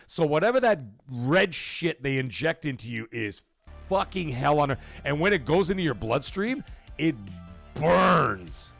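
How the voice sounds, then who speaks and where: A gravelly-voiced man chats on his live stream, and his pitch swings widely as he tells stories. He rambles and swears freely, talking straight to viewers. Faint music plays behind him. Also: a little slow. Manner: profane, rambling, animated storyteller. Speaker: livestream host. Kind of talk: casual live-stream chat reading viewer comments.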